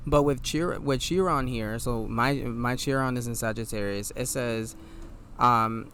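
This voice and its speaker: A tired man with a nasal voice, hosting a podcast. He talks in a casual, reflective monologue and reads affirmations aloud in a low, laid-back way. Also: steady tone, unhurried, fairly bright tone, a little hiss or hum. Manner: low, laid-back delivery with mild swearing. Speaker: podcast host.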